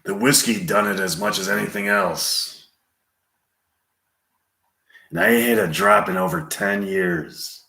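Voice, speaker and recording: A man doing an impression of a weary, hard old gunslinger who talks quietly with a drawl. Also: fairly low pitch, very animated, measured pace, vocal fry, long pauses, heavily acted. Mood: grim. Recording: roomy echo, a bit off mic.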